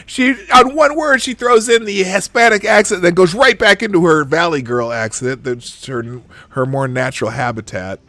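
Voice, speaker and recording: A man's voice: high-pitched, normal speed, hardly any pauses, sharp tone, dry recording. A man hosting a live stream, reacting to a clip with sarcastic, mocking comments and frequent laughter.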